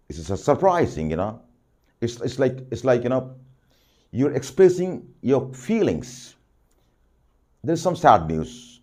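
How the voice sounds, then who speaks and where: A man giving a soft skills lesson, deliberate and repeating phrases for emphasis. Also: mid-range voice, huge pitch swings. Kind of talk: spoken lesson to camera.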